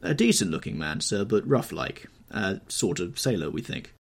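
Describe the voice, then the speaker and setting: A man's voice: lowish voice, big pitch swings, normal speed, creaky, slightly rough, full character voice. A man voicing a plain, respectful country gamekeeper in an audiobook reading. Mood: deferential. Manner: respectful, blunt and rustic. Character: plain, deferential male gamekeeper, older.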